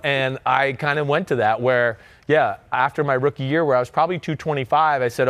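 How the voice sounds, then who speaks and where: Loudmouth jersey guy in his 30s, slightly high voice, dry mic, rambling sports talk. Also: fairly quick, few pauses, clear, resonant tone, no room sound. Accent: New Jersey. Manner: loud, animated, talks with filler and restarts. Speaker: podcast host. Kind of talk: casual sports chat.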